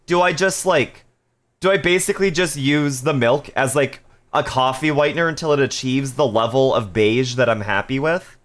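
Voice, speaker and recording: A man's voice: medium pitch, moderate pace. A man casually chatting on a live stream, reading viewer messages aloud with playful jokes and frequent laughter. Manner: laughs often.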